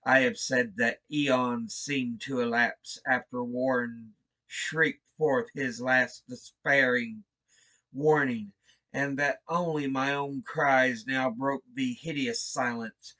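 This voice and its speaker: Male reader, horror story narration, slow deliberate pace, brooding and theatrical, bright tense tone. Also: medium pitch, fairly even intonation.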